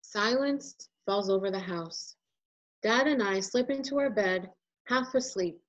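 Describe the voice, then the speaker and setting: A woman illustrator reading a children's picture book aloud, as a gentle and expressive storyteller. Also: mid-range voice, unhurried, lo-fi sound.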